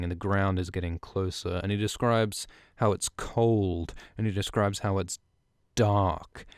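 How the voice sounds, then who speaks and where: A podcast host, male, with a low and smooth voice, chats his way through a book chapter with loose, joking enthusiasm. It's recorded close and dry on a studio mic, with no room sound. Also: darkish tone, no room sound. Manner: irreverent, swearing, enthusiastic. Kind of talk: casual book-chapter recap.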